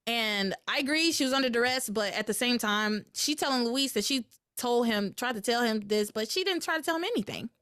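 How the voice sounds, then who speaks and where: A woman hosting a podcast, recapping a soap opera casually and acting out the characters' lines in quick voices. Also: on the high side, lively intonation, fairly bright tone, no echo, studio quality. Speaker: podcast host.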